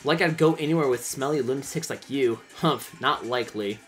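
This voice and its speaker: A man voicing a feisty, sharp-tongued young female adventurer in a game, defiant and scornful. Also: medium pitch, brisk, soft background music, natural voice.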